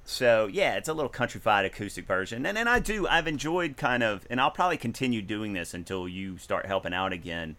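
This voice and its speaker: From his home garage, a podcast co-host and musician chats casually about a song he covered, rambling with restarts and breaking into short sung snippets. His lowish voice is sing-song, brisk, pushed and bright, with few pauses.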